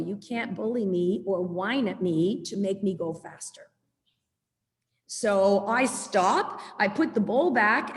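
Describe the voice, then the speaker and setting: A woman giving a chatty, animated webinar lecture as a dog trainer over a video call. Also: mid-range voice, long reverb tail.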